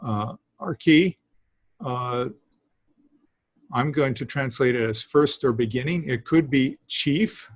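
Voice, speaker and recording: A man teaching a beginners' language class, talking haltingly with many fillers and small laughs. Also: mid-range voice, no room sound. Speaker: Greek teacher. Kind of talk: classroom lesson.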